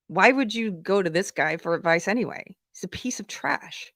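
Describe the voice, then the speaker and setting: A woman's voice: medium pitch, expressive, normal speed, few pauses, a bit bright, dry recording, studio quality. A woman hosting a livestream, giving outspoken, chatty commentary and reading viewer comments aloud. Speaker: livestream host. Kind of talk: casual commentary.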